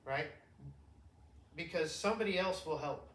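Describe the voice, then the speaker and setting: Profane, animated middle-aged man in echoey room. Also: on the high side, moderate pace. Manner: profane, animated storytelling with shouted impressions. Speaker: podcast co-host, father. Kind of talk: casual chat.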